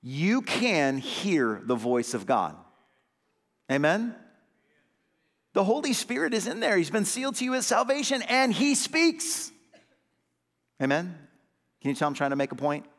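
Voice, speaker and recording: Man, pastor, sermon, somewhat high voice, asks for amens, loud then hushed, hall reverb. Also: sing-song, slow pace, pauses often. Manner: preacher's call-and-response, asking amen; swings between loud emphatic lines and low hushed ones. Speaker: associate pastor.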